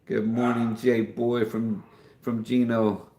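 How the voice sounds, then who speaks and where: A man's voice: mid-range voice, level tone, slow, mellow, echoey room, slight background noise. A man hosting a casual livestream, chatting folksily and reading out viewer comments, calling everyone man or dude. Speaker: livestream host.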